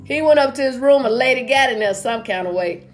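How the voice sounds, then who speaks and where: Woman, high voice, folksy stand-up storyteller, video call. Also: expressive, brisk, soft background music. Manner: folksy storyteller, acts out characters' lines. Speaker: stand-up comedian. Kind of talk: stand-up joke telling. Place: home, virtual comedy show.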